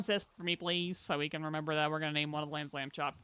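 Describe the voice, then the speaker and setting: A live streamer chatting casually and playfully over gameplay, talking to viewers and a pet and breaking into loud exclamations. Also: medium pitch, steady tone, fast, clean tone, no room sound.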